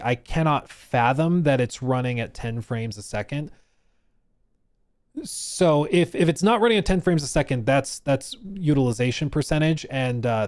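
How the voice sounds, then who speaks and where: A man's voice: medium pitch, no echo, studio quality. A man from Colorado chatting casually on a live stream, answering chat questions and joking as he goes. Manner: chatty, reads chat aloud, explains and jokes.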